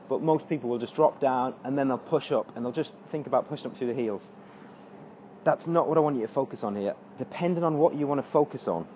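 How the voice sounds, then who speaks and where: A fitness coach talks through squats while demonstrating them in an exercise tutorial, straining during the reps. His voice is mid-range. The highs are cut off, and there's slight background noise.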